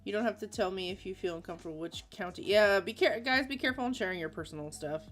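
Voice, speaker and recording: A woman from Florida in her thirties, talking with viewers on a drawing livestream. She is chatty and giggly, and her voice sits at an ordinary pitch for a woman. Faint music plays underneath. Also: fast talker, fairly bright tone. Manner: chatty, laughs often, reads chat aloud. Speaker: livestream artist host. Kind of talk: casual livestream chat.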